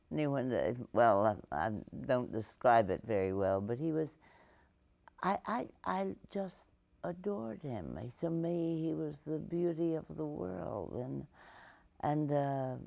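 An older woman with a deep voice, reminiscing haltingly in an interview with frequent restarts and laughter. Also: gravelly, dark tone.

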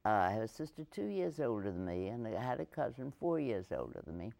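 An older woman with a deep voice, reminiscing haltingly in an interview with frequent restarts and laughter. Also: big pitch swings, gravelly, mellow.

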